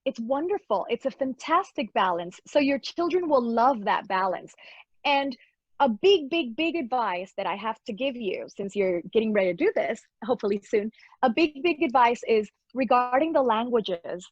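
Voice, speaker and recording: A woman chats as an interview guest in a gushing, upbeat manner, laughing often. Her voice sits fairly high. The sound is muffled and lo-fi, with no room echo at all. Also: lively intonation, normal speed. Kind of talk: casual interview chat. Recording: dull lo-fi dry sound.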